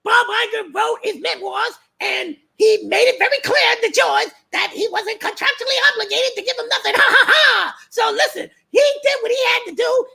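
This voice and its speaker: A man doing a mocking impression of a smug, chirpy male film pundit who spins everything, in a squeaky, gravelly, giggly voice. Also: full character voice. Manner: mocking impression, laughing and shouting. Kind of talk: comedic impression on a livestream.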